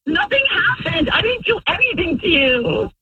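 A woman's voice: very high voice, very animated, normal speed, no room sound, recorded from a distance, faint music behind. A woman on a phone call, angrily confronting her husband as a radio prank plays out. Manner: upset, accusing, shouting at times. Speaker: caller's wife on a radio prank. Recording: muffled phone line.

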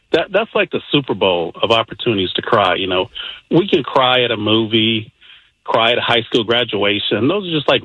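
Male caller, husky, rambling with stumbles, muffled phone line. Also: on the high side, no room sound. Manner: rambling, stumbles over repeated words. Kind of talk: call-in radio talk.

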